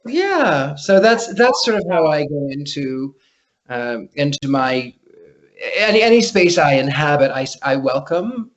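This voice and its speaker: A man's voice: fairly high pitch, big pitch swings, unhurried, highs cut off. A man talking as a guest psychic in a casual interview, telling stories with lots of restarts over a remote call. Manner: chatty storyteller, frequent restarts.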